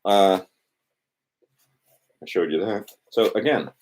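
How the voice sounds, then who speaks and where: A man's voice: low voice, takes it slowly, noisy background. A man hosting an informal instructional talk, thinking aloud, trailing off and restarting, and acting out quoted exchanges. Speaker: host of an instructional video.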